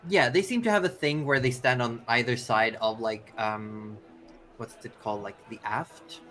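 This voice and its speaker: A man's voice: mid-range voice, moderate pace, fairly bright tone, soft background music. A man running a tabletop game as game master, narrating in a loose, casual way full of fillers.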